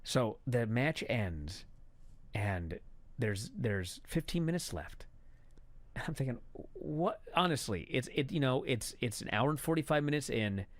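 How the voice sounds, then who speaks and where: A man angrily recapping a wrestling show in a profane, exasperated rant that builds to shouting. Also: medium pitch, lively intonation, measured pace, no room sound.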